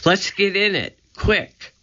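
A man's voice: high voice, expressive, takes it slowly, bright, forceful tone, voice pushed up, full character voice. A man voicing a cautious, bookish young boy explorer who worries and cries out in alarm. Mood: worried. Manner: careful, worried, crying out in alarm. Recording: dull lo-fi recording.

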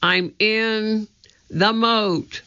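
A man's voice: high voice, steady tone, very slow, pushed and bright, clean tone, voice pushed up, exaggerated voice. A man playing a worried young boy. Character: young boy, cautious anxious older brother. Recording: dull lo-fi recording.

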